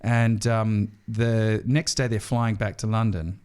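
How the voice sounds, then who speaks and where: A man's voice: fairly low pitch, slow pace, smooth. A middle-aged Australian man telling stories as a podcast guest, with lots of restarts and fillers. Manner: lively storyteller with frequent restarts and fillers. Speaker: podcast guest, stage entertainer. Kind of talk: storytelling in a podcast interview.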